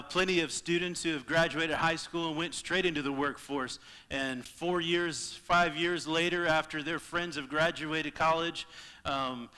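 High bright-voiced man preaching a sermon. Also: in a large hall. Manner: impassioned, swings between loud and hushed. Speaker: pastor. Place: church sanctuary.

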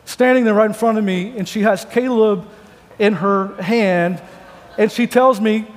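High-voiced pastor, joking sermon. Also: male voice, a little slow. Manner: joking, conversational storytelling. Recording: long hall reverb.

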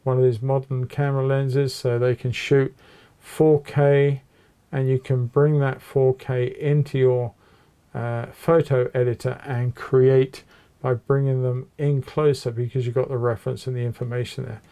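Male painting tutor, gravelly and warm, relaxed chatty narration while seated at the easel. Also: mid-range voice, measured pace. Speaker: painting teacher. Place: small home studio with a low ceiling.

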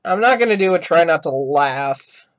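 A man's voice: fairly high pitch, lively intonation, moderate pace. A man vlogging casual reaction commentary for his gaming channel, rambling and restarting his sentences as he talks. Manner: rambling, restarts sentences, yells "no" and "ah" at loud sounds. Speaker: gaming YouTuber.

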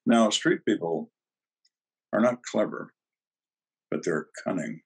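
An older man with a very deep, husky voice tells interview stories. His delivery is dry and sardonic, and he talks like a retired homicide detective recounting old cases. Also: animated, slow. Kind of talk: storytelling interview.

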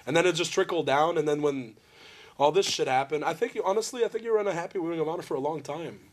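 A fast-talking man with a fairly high voice interviews a friend in a candid conversation. He tells long, rambling stories bluntly and swears freely.

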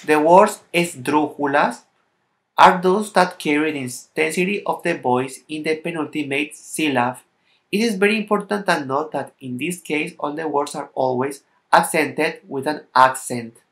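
A man with a Latin American Spanish accent, a native Spanish speaker, gives a language lesson in somewhat halting English and carefully sounds out example words one by one. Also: a little high, fairly bright tone. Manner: slightly halting non-native English phrasing. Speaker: language teacher.

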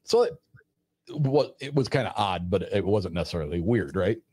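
A man casually retelling a personal story in a rambling, animated way, acting out the dialogue as he goes. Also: sits low, moderate pace, slightly rough, no room sound, studio quality. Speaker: storyteller guest.

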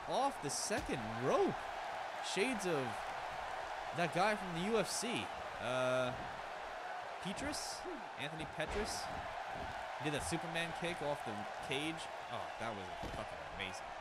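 Excitable man calling wrestling play-by-play. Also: medium pitch, very noisy. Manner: excitable, swearing, joking asides. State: strained, losing his voice. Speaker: wrestling commentator. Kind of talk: play-by-play commentary.

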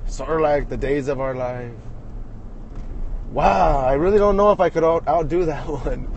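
A man's voice: fairly high pitch, moderate pace, highs cut off, a little hiss or hum. A man filming himself from inside a truck as he drives, rambling and joking in a crude, self-amused way. He restarts his sentences often. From Los Angeles area. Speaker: vlogger filming while driving. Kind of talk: rambling self-filmed commentary.

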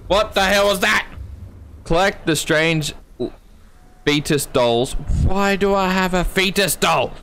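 High-pitched, pushed and bright, this Australian man hosts a gaming channel and reacts to a horror game with jumpy, profanity-laden commentary, joking to himself. There's slight background noise.

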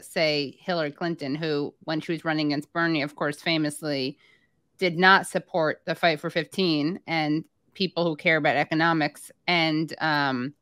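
A woman host chatting in a casual interview. She has a very low voice for a woman, and the sound is dry and close with no room echo. She asks easy questions and adds quick agreeing replies. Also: a bit bright. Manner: brief affirming interjections and conversational questions.

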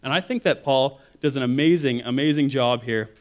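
A man giving a sermon as a guest speaker, telling stories in a casual, animated way and acting out quotes. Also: mid-range voice, moderate pace.

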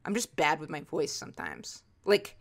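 A woman podcast host telling rambling comic stories in casual chat over a video call, often jumping into high quoted voices. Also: lively intonation, moderate pace, vocal fry. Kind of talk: casual comedic storytelling.

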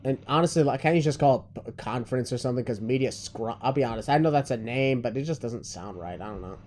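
A man's voice: medium pitch, fast, darkish tone, slight background noise. A man co-hosting a wrestling review podcast, ranting loosely in casual chat and swearing freely. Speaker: podcast co-host.

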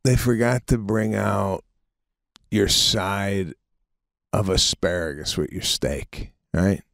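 Low-voiced man cutting in incredulously. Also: fairly even intonation, slow pace, vocal fry, fairly bright tone, no room sound, studio quality. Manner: incredulous, cuts in to riff. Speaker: podcast co-host. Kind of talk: casual banter.

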